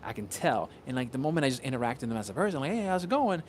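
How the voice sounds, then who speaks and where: A man's voice: medium pitch, expressive, very fast, a little hiss or hum. A man from Puerto Rico chatting casually on a livestream as a content creator, rambling, restarting and swearing often.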